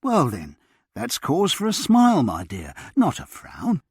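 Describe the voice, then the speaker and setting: A man voicing a kind older retired surgeon who talks in a gentle, coaxing way. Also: on the high side, huge pitch swings, a little slow, breathy edge, dry recording, clean studio sound, voice pushed up, heavily acted. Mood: kindly. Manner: kindly, coaxing.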